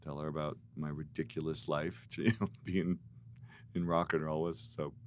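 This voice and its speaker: A middle-aged man, a guest musician, telling animated, rambling stories in a podcast interview. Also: rumbling low, normal speed, slight background noise. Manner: animated storyteller, rambling with restarts.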